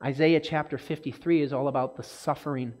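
A man leading a relaxed Bible study in a slightly higher voice. He keeps checking in with his listeners as he goes, and he lifts into animated bursts when he reads passages aloud. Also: brisk. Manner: conversational, frequent "okay?" check-ins, animated when reading aloud. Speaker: Bible teacher. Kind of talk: casual Bible study teaching.

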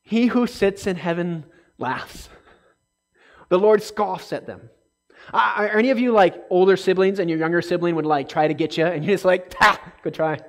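A man teaching a casual Bible study, talking conversationally and checking in often with listeners, and getting animated when reading scripture aloud. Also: high-pitched, normal speed.

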